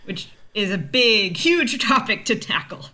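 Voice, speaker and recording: A woman's voice: a little high, lively intonation, measured pace, bright, forceful tone, a little hiss or hum. A woman co-hosting a podcast in casual chat, chatty and jokey, often acting out characters' lines. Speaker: podcast co-host. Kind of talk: casual chat about a TV series.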